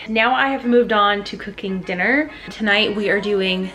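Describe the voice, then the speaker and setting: A woman's voice: mid-range voice, moderate pace, pushed and bright, soft background music. A woman in her thirties with a Southern American accent, vlogging in a casual, chatty way and laughing at herself often. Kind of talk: casual vlog chat.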